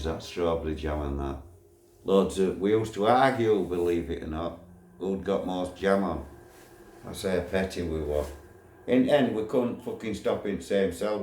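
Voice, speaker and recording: A man's voice: low voice, darkish tone. A man telling a blunt, swear-filled story from his past in a casual, storytelling way. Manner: blunt, swears freely, laughs at his own memories. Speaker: former prisoner recounting a riot. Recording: echoey room, faint background noise.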